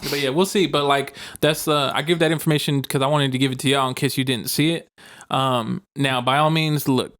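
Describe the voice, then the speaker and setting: A man's voice: mid-range voice, steady tone, fairly quick, a bit bright. A man co-hosting a podcast in casual chat, laid-back and slangy, laughing often. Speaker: podcast co-host.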